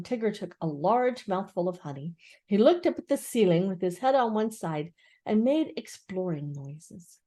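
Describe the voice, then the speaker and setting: An older woman gently and expressively reading a children's book aloud. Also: medium pitch. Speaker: storyteller.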